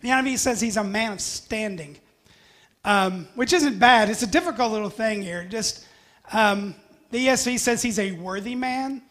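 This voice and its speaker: A preacher delivers a sermon in a chatty, anecdotal manner. The voice sits at a middle pitch and slips in light humor between points. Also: normal speed, a bit bright. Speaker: pastor.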